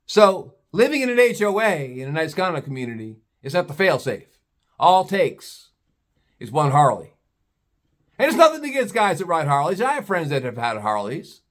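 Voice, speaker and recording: A man's voice: fairly high pitch, big pitch swings, normal speed. A man telling a story in a blunt, profane, scornful rant, slipping into put-on voices for other people. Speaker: vlogger. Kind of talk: ranting storytelling monologue.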